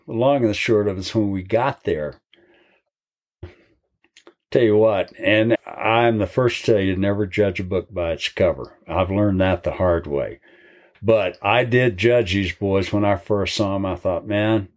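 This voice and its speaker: Give me an older man with a low voice spinning a folksy story about horses. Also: a little mellow. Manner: folksy, long-winded storyteller. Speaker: horse trainer. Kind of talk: storytelling in an interview.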